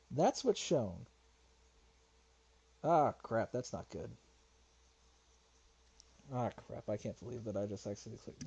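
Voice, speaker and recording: His voice sits a little high, with a dark, husky tone, and the audio is lo-fi. Streaming a response video, he chats and rambles casually, then gets annoyed while searching, swearing and mumbling to himself.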